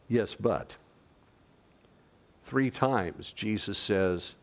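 A male pastor preaching a sermon in an earnest, conversational way, with dramatic drops to a hush. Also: medium pitch, slow.

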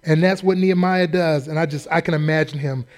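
Folksy, animated high-voiced male preacher. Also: a little fast. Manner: folksy, animated, acts out quotes. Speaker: pastor. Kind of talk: sermon.

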